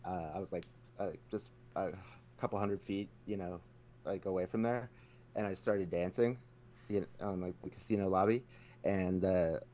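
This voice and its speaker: Male co-host, lowish voice, relaxed storyteller, faint hum behind. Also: normal speed. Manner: laid-back, storytelling, swears freely. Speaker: podcast co-host. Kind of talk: casual chat.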